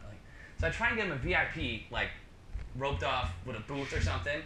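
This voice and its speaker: A man's voice: mid-range voice, brisk, crowd noise. A man telling a story in a casual chat, acting out the dialogue in his own voice with lots of fillers. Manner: animated, acts out dialogue, many fillers. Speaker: podcast guest, musician. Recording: echoey room with background noise.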